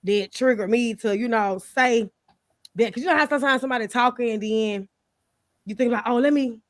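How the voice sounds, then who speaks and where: Host type: a slightly high-voiced woman, blunt and rambling, sounding dry and up close. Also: brisk, dry recording. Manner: blunt, rambling, swears freely. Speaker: podcast host. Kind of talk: casual panel chat.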